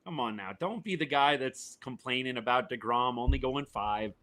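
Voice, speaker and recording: A man, his voice worn and going hoarse, chatting casually as a podcast host reacting live to a baseball game and answering viewers. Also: medium pitch, moderate pace, sharp tone. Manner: chatty, answers chat viewers by name, says y'all. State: voice worn and failing, a little quieter than usual.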